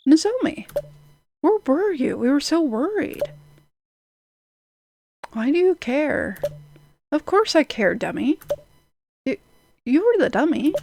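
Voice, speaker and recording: A woman streaming a story game, reading the characters' dialogue aloud in an unhurried, earnest way. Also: high-pitched, sing-song, vocal fry, a little mellow, no room sound.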